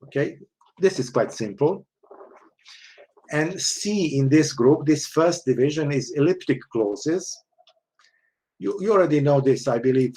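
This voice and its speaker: Here a university lecturer teaches online in a medium-pitched, darkish voice. Restarts and explanations fill his talk, punctuated again and again by "okay?"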